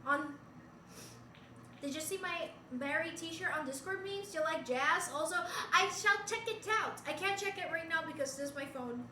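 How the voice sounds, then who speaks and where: Bright high-voiced young woman streaming from bedroom. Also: moderate pace, far from the mic, a little hiss or hum. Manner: giggly, chatty, reads chat aloud. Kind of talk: casual chat with viewers. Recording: roomy bedroom, voice away from mic.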